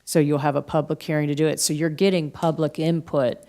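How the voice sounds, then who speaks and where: A woman's voice: low-pitched, flat delivery, brisk, mellow. A woman on county staff explaining procedure to a board in a meeting room, with frequent fillers. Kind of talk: formal briefing to a board.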